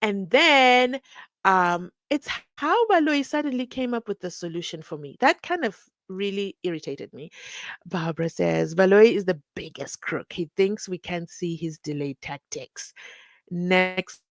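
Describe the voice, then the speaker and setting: A woman's voice: fairly low pitch, animated, a little slow, dry recording. A woman, hosting a live stream, reading viewer comments and acting out the people she quotes with sarcasm. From South Africa.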